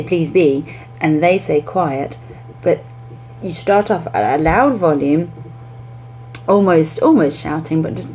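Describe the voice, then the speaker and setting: Mellow-voiced chatty woman teacher. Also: on the low side, a little hiss or hum, rough recording. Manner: chatty, with lively acted-out classroom demonstrations. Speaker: English teacher. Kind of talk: teaching tips to camera.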